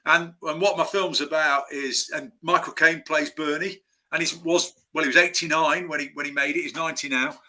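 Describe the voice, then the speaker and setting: A man's voice: on the high side, steady tone, a little fast, few pauses, bright, forceful tone. A man chatting as a screenwriter guest in a casual interview, telling rambling anecdotes full of restarts.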